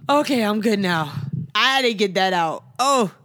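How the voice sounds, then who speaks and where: A woman's voice: medium pitch, lively intonation, moderate pace, a bit bright. A woman co-hosting a podcast, telling a long rambling joke in casual chat, full of fillers. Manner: rambling storyteller, heavy on fillers. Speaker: podcast co-host.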